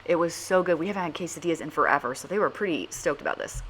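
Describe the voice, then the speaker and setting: A woman's voice: deep voice, rapid-fire, a bit bright, slight background noise. A mom hosting a casual cooking vlog from her home kitchen, chatty and jokey as she walks through family dinners.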